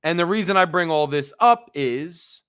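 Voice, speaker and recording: A man's voice: a little high, moderate pace, fairly bright tone, clean tone. A man hosting a sports fan show, ranting emphatically and wryly about his team's problems. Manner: emphatic, wry, repetitive ranting. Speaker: sports podcast host. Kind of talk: casual fan rant.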